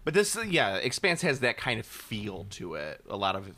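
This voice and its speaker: A man co-hosting a casual gaming podcast, excitable, jumping up in pitch when he quotes himself. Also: moderate pace. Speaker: podcast co-host.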